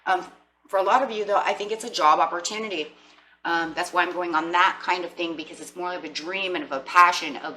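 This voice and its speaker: A woman's voice: lowish voice, brisk, slight background noise, low-quality recording. A woman giving a casual, chatty tarot reading to her viewers, often acting out what people say to themselves. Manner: chatty, animated, acts out inner voices. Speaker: tarot reader.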